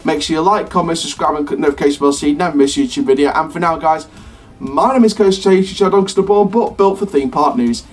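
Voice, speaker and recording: Male YouTube host, slightly higher voice, eager and rambling, soft music under him. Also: fast talker. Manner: rambling and eager, many fillers and restarts. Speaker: theme park news YouTuber. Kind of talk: excited casual chat to camera.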